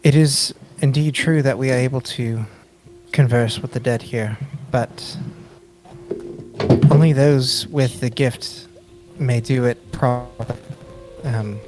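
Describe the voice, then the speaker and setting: A man voicing a formal, courteous male elf native, speaking in a measured way. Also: medium pitch, steady tone, music in the background, natural voice.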